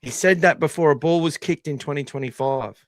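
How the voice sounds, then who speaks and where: With a voice on the high side and a slightly fast delivery, free of echo, an Australian podcast host talks live. His style is casual, blunt, and full of swearing and animated opinions.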